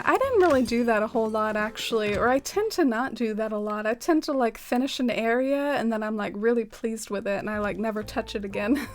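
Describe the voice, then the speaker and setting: A young woman streaming a game and chatting casually with viewers, filling her talk with "like" and "um" and laughing often. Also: on the high side. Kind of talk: casual gameplay chat with viewers.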